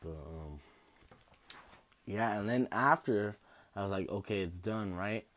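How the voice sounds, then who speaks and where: A man's voice: fairly low pitch, a little slow, fairly bright tone. A young man telling stories about his injuries in a rambling, casual way, with laughs and casual swearing. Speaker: host. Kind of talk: casual storytelling.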